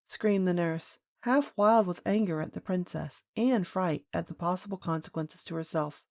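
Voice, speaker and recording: A woman narrating a classic children's audiobook in a clear, measured storytelling voice. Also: on the low side, dark tone, no echo, clean studio sound.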